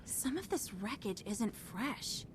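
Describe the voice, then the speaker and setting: A woman voicing an emotional, warm-hearted adult woman adventurer in a video game. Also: on the high side, slow pace. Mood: concerned. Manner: expressive, emotional. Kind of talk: video game character dialogue. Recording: game audio with noisy ambience.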